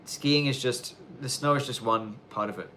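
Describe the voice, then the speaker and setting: A man at normal speed, mid-range and bright with a forceful edge, hosts a casual live Q&A. He's streaming from the snowy countryside of Japan, chatting loosely and rambling with many fillers and restarts, while a little hiss or hum sits in the audio.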